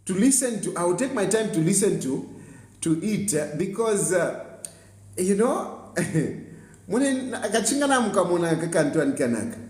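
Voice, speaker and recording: Combative Zambian man, high lively voice. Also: normal speed. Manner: combative, scolding, repeats phrases for emphasis. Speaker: political commentator host. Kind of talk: political commentary monologue. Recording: roomy echo.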